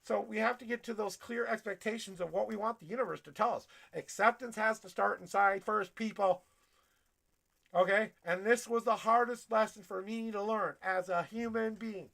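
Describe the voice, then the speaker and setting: Blunt, gravelly-voiced male tarot reader. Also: high-pitched, fairly even intonation, normal speed. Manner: blunt, profane, preachy, builds to yelling. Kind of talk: livestream tarot reading pep talk.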